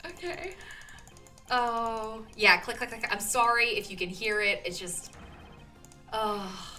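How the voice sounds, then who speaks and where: A woman's voice: fairly high pitch, slow, pushed and bright. A young woman streaming a video game, chatting casually and swearing and apologizing in flustered bursts. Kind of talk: casual gaming commentary. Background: faint game music.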